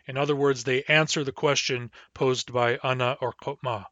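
A man's voice: mid-range voice, fairly even intonation, a bit bright, no room sound, highs cut off. A man giving a recorded language lesson, carefully repeating each word and explaining its pronunciation. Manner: measured, spells out and repeats each word slowly. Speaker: language teacher.

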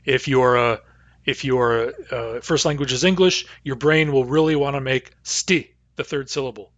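A man teaching a language lesson, saying each word slowly and carefully, then repeating it. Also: mid-range voice, a bit bright, no echo, lo-fi sound. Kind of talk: vocabulary pronunciation lesson.

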